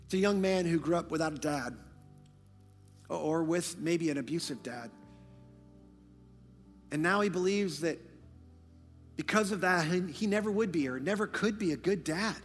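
A male pastor delivering a sermon, moving between hushed, low passages and loud, emphatic preaching. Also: moderate pace, long pauses, big-room sound, soft background music.

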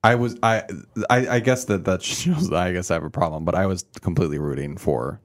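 Animated, fast-rambling male podcast co-host. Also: sits low. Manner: animated, acts out quoted voices, fast rambling. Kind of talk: casual podcast chat. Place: podcast room.

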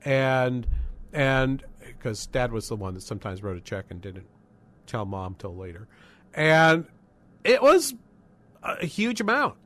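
A man in his sixties from northern New England hosts a call-in radio show. He talks in a loose, conversational ramble, stopping and restarting his sentences with plenty of ums and uhs. His voice sits at an ordinary middle pitch. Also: sing-song, measured pace, pauses often, fairly bright tone. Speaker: radio talk show host. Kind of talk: casual call-in radio talk.

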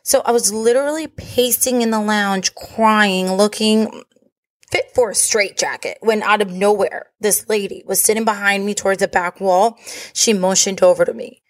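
A woman's voice: mid-range voice, steady tone, normal speed. A woman hosting a podcast, telling a personal story in a candid, profane, confessional way. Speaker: podcast host.

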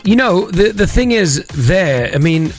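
Animated man hosting a radio show. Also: sits high, a little slow, soft background music. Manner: animated storyteller, jokey, emphatic. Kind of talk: casual radio banter.

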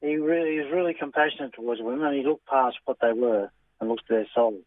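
A man calling in to a radio show, halting and searching for his words. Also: mid-range voice. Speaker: caller. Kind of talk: casual radio call-in chat. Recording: thin phone line.

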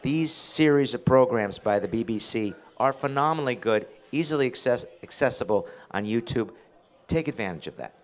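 A man's voice: mid-range voice, animated, moderate pace. Dry-witted male guest. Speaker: guest actor. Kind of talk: live podcast chat.

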